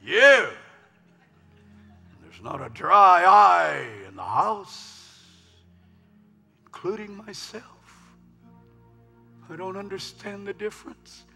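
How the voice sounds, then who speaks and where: A man preaching a sermon in a large church, swinging from hushed murmurs to loud shouts. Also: high-pitched, animated, slow, gravelly, pauses often. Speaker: pastor. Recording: long hall reverb with faint music.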